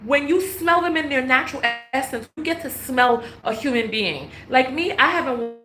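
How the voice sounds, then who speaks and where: A woman from New York telling a travel story in a casual vlog, animated, laughing often and acting out dialogue. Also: sits high, normal speed, reverberant, music in the background. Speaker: travel vlogger.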